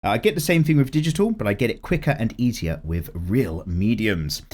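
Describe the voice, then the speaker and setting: A man in his thirties runs an art channel on YouTube, chatting loosely through viewer comments. His voice sits on the low side, moves a little fast, and sounds a bit strained and cracking, while his manner is chatty, lively, and full of free swearing.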